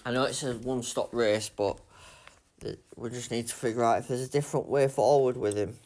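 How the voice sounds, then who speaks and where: A man streaming a racing game live, muttering commentary to himself and breaking into loud self-mocking outbursts. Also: medium pitch, fairly even intonation, a little fast. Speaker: gaming streamer.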